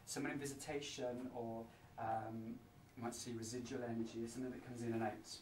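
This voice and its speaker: A man speaks as a medium, feeling his way through impressions with many pauses and fillers. He sounds distant from the mic in an echoey room. Faint noise sits underneath. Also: medium pitch, flat delivery, darkish tone. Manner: hesitant, searching, many fillers. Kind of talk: describing psychic impressions on location. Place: indoors at an old inn.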